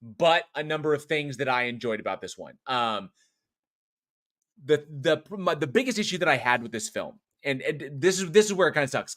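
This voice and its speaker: A man's voice: fairly high pitch, sharp tone. A man co-hosting a horror podcast, talking through a film review in a loose, rambling way, swearing often and restarting his sentences. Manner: rambling, profane, frequent restarts and fillers. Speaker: podcast co-host. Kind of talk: casual film review chat.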